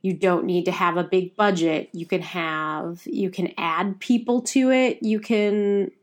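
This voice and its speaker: A woman's voice: fairly low pitch, a little slow. Chatty Midwestern woman podcaster. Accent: Midwestern American. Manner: chatty, rambling, says like a lot. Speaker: podcast co-host. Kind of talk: casual chat.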